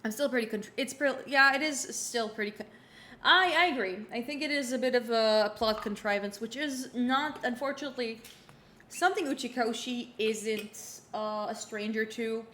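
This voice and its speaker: A woman's voice: a little high, moderate pace, bright, forceful tone. Chatty young woman streamer, roomy echo. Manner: rambling, many fillers and restarts. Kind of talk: casual livestream chat while playing. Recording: roomy room echo, faint background hum.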